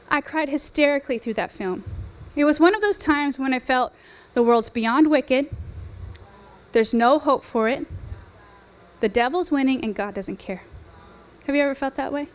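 At a women's ministry event, a woman in her forties delivers an earnest, conversational sermon built around personal testimony, using fillers and rhetorical questions. Her voice is high.

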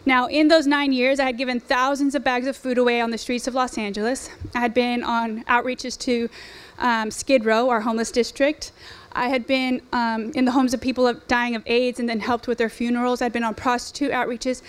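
A high-pitched woman in her forties preaches to a women's gathering. She talks in an earnest, conversational way, mixing in fillers and rhetorical questions as she shares her testimony. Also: flat delivery, a little fast, hardly any pauses, smooth. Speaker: speaker at a women's ministry event. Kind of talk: sermon with personal testimony.

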